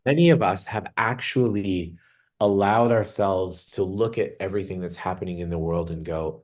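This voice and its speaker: A man leading a group meditation on a video call, speaking earnestly and reflectively, slowing down on words he wants to stress. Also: deep voice, darkish tone. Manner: earnest, reflective, slows down for emphasis. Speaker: meditation guide. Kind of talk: spiritual talk opening a group meditation.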